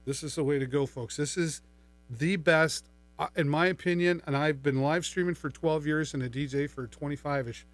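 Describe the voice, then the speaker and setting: Speaking at normal speed with fairly even intonation, a middle-aged man with a slightly high voice hosts a live shopping stream. He's upbeat and playful as he demonstrates a microphone and mixer. The studio-mic-through-mixer recording has no room sound.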